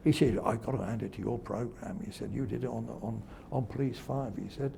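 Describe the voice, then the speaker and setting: An older man, a veteran broadcaster, recalls old stories in an interview, chuckling and mimicking the people he quotes. His voice is strongly gravelly and dark-toned, with faint noise behind him. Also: mid-range voice, brisk. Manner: chuckling storyteller who acts out quoted voices. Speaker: television presenter. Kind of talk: reminiscing interview anecdotes.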